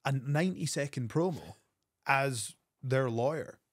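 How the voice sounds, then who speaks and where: A man, a wrestler telling an animated backstage story as a guest on an interview show. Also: no echo, studio quality. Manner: animated storyteller, quick bursts of pitch.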